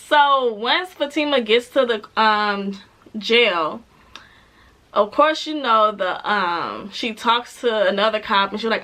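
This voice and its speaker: In a slightly high voice at a measured pace, this TV reviewer chats through an episode recap with animation and laughter. Along the way she acts out what the characters say.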